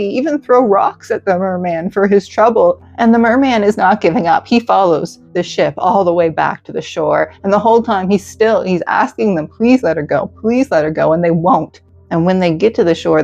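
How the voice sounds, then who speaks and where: A woman hosting and narrating a calm bedtime story in a gentle, soothing way, over dull audio with faint music. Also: medium pitch, creaky. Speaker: host and narrator.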